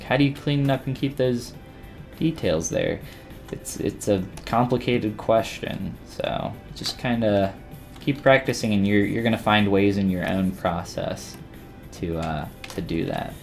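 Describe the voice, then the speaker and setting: A man with a lowish voice chats casually with viewers while demonstrating 3D sculpting on a live-stream tutorial. He's relaxed and rambling, often restarting his sentences.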